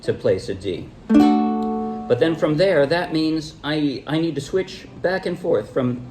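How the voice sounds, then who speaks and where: A man's voice: fairly high pitch, over loud music. A man teaching a ukulele song, talking loosely with restarts as he counts beats and shows chord changes. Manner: relaxed, halting explanations with counting and calling out strums. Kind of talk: casual music tutorial.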